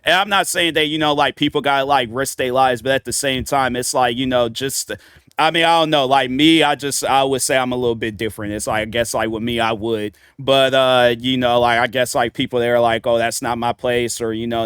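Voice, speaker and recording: Young man, reaction host, rambling casual talk, smooth clear voice, dry close sound. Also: medium pitch, fairly even intonation, brisk, fairly bright tone, dry recording. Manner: rambling, retells his thoughts as "I'm like" quotes.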